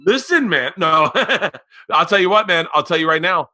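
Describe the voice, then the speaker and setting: Casting: brash middle-aged male podcast host, bright and forceful, swears freely and plays out every character in his stories. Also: high voice, expressive, moderate pace. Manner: loud, profane storyteller acting out voices. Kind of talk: casual chat.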